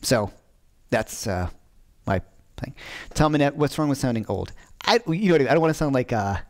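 A man's voice: medium pitch, expressive, fairly quick. A middle-aged man talks casually to his livestream viewers from home. He rambles and interrupts himself often, picking up a thought and dropping it mid-sentence. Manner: rambling, self-interrupting, chatty. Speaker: guitar teacher hosting a livestream. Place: home during lockdown.

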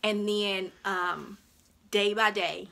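A woman sits telling a personal story to her channel. Her voice is bright and forceful, and she grows animated as she relives events. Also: medium pitch, takes it slowly, vocal fry. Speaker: vlogger recounting her childbirth.

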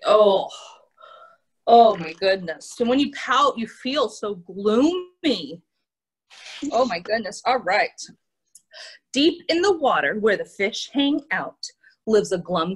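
A young woman with a Midwestern American accent, an art teacher reading a picture book aloud to young children on a video call, animated and encouraging. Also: medium pitch, husky, low-quality recording. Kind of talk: children's storytime read-aloud.

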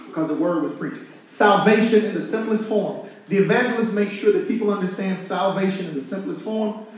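A pastor preaches in a high voice, fired up and talking straight to his congregation. He is heard from a distance in a very echoey church. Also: brisk. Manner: fired-up, conversational preaching with call-and-response. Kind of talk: sermon. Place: church sanctuary. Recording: echoey room, from far off.

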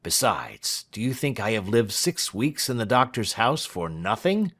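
A man voicing a moody young gentleman, deep in debt and in love, who speaks quietly and impatiently. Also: very animated, measured pace, full character voice.

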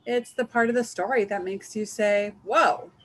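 A woman's voice: medium pitch, normal speed, a little hiss or hum, pitched above the performer's own voice, close to an everyday voice. A woman doing an exasperated storybook papa. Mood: patient. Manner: patient but exasperated explaining. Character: patient, exasperated storybook father.

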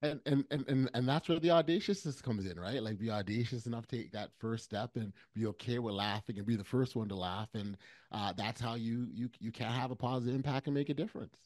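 A man's voice: medium pitch, brisk, a little mellow, no room sound. Upbeat male podcast host, dry sound. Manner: enthusiastic, repeats affirmations, stumbles on words. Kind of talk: casual interview chat.

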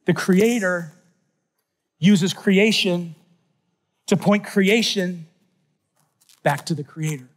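A middle-aged man giving an animated faith talk at a youth conference, telling stories with sudden shouts and soft asides. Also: sits high, takes it slowly, long pauses. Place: large conference hall.

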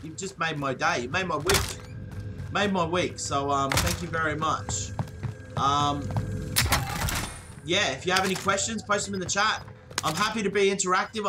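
A young man with an Australian accent chats away while streaming a shooter, his voice pitched high and quick to burst out. He swears freely and thanks his viewers over and over. Game noise and clicking sit clearly under his voice. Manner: excitable, swears often, thanks viewers profusely. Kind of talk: live-streamed gameplay chat.

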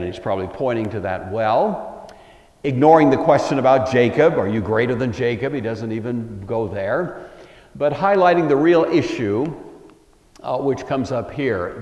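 A man's voice: medium pitch, lively intonation, normal speed, darkish tone. A man giving a Bible lecture in a conversational, thoughtful way, with frequent "uh" fillers, in a lecture hall. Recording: roomy hall with long echo.

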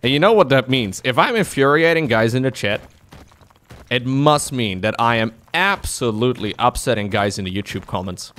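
A man in casual live-stream commentary while playing a game, excitable, laughing often and jumping to high yelps. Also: normal speed. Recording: faint music behind the voice.

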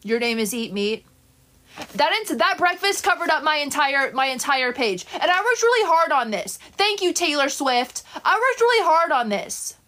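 A woman's voice: sits high, sing-song, moderate pace, sharp tone. A woman on a live stream, scolding her chat in an indignant, sing-song way and breaking into improvised songs.

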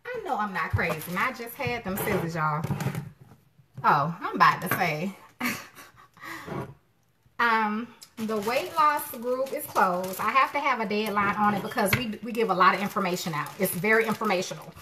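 Against a noisy background, a middle-aged woman talks at normal speed in a mid-range voice with lively intonation. She's hosting a live cooking stream from her home kitchen, chatting and greeting viewers by name, and her distinctive voice is one people often say sounds unusual.

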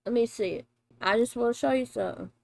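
A middle-aged mother hosting a casual reaction video, blunt and animated and quick to laugh. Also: a little high, vocal fry, no room sound. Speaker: reaction channel host, mother.

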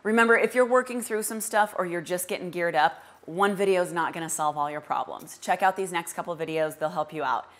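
A woman's voice: fairly low pitch, a little fast, hardly any pauses, a bit bright. A woman dog trainer explains her method in a direct, emphatic teaching manner and uses everyday comparisons. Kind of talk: instructional explanation.

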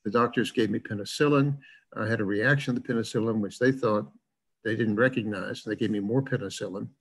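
A man's voice: lowish voice, fairly quick, slightly rough, low-quality recording. An older man from the American South with a plain Midwestern-sounding accent, lecturing in an online class in a chatty, rambling way with lots of fillers.

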